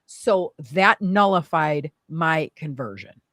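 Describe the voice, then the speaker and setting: A young adult woman telling a painful personal story in conversation, emotional and animated, with many fillers. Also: sits low, slow pace, no echo, studio quality. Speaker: guest.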